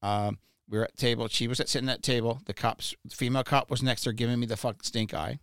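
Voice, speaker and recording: A man's voice: mid-range voice, steady tone, fast talker, fairly bright tone, clean tone, dry recording. A man in the middle of his voice telling a personal story in loose, profane, blunt talk. He stumbles and repeats words as he goes. The sound is close and dry, with no room around it. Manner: profane, blunt, stammers and repeats when worked up. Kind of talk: casual podcast storytelling.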